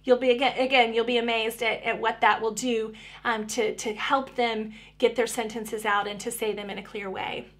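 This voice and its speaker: A woman's voice: on the high side, flat delivery, moderate pace, fairly bright tone. A woman speech therapist giving parents practical tips in a friendly, conversational way, often restarting her sentences.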